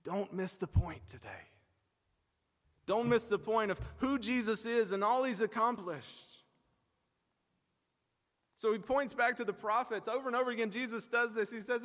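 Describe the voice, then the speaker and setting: A man preaching a sermon as a pastor, earnest and emphatic, with drawn-out pauses for weight. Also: sits high, fairly bright tone. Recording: long hall reverb.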